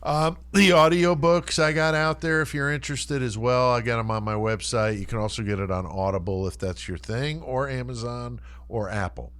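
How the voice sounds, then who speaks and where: Brief: male podcast host, mid-pitched everyday voice, relaxed casual delivery. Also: moderate pace, few pauses, smooth. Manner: laid-back, brief reactions.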